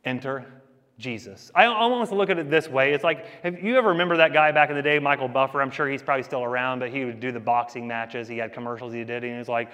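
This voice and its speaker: A man preaching a sermon in a casual, conversational way, telling stories and swinging between loud and quiet. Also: mid-range voice, fast talker. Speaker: pastor. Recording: long reverb of a large hall.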